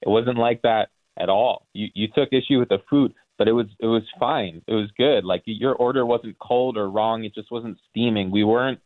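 A man calling in to a radio chat, talking haltingly with many ums and restarts. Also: lowish voice, dry recording. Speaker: caller. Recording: tinny phone line.

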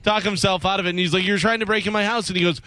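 Bright-toned male co-host. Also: high voice, fairly even intonation, rapid-fire, clear, resonant tone, dry recording. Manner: chatty storytelling. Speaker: radio show co-host. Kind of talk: casual radio talk.

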